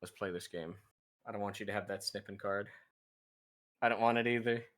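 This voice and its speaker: A man's voice: lowish voice, fairly even intonation, brisk, a bit bright. A male streamer in casual gaming chat, joking, swearing and laughing often while he plays.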